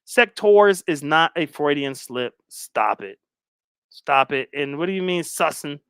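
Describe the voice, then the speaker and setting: A man giving casual reaction commentary as a stream host. He is blunt, joking and profane. His voice runs a little high, and the sound is dry and close. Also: expressive, unhurried, a bit bright, clean tone, dry recording.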